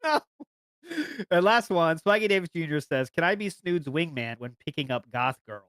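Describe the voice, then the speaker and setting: A man's voice: on the high side, lively intonation, normal speed, fairly bright tone, clean tone, no room sound. Teasing man podcast host, dry sound. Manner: teasing, laughing banter. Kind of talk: casual podcast chat.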